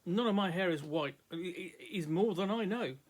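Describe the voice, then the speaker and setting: A woman's voice: lowish voice, expressive, moderate pace. A man reading aloud voices a teasing female adventurer.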